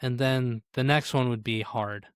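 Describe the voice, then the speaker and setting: A man's voice: mid-range voice, fairly even intonation, measured pace, clean tone, dry recording, clean studio sound. A man co-hosting a podcast, chatting in a laid-back way and joking with his co-host. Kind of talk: casual chat.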